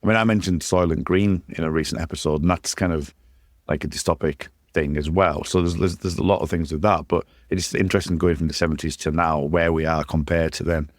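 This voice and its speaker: Deep-voiced podcast host. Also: male voice, fairly even intonation, fairly quick, no echo, studio quality. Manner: chatty, easily amused, conversational. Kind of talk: casual podcast chat.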